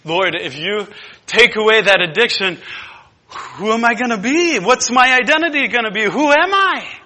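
A man's voice: high-pitched, lively intonation, moderate pace, bright, forceful tone, voice pushed up, heavily acted. A man voicing an anxious addicted man who pleads with God, panicky and strained. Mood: panicky pleading.

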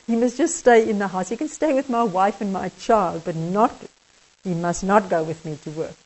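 A woman's voice: mid-range voice, normal speed, a little mellow, pitched below the performer's own voice, lightly acted, poor audio. Pleading, guilty businessman, put on by a South African woman in a sermon. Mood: worried. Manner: pleading and apologetic.

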